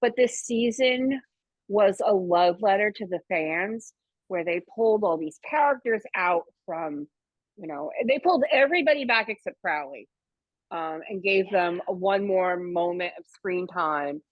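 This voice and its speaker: A woman's voice: medium pitch, lively intonation, measured pace, no echo, highs cut off. A woman on a fan panel arguing enthusiastically for her favorite episode, stressing her points with emphasis. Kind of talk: casual fan panel discussion.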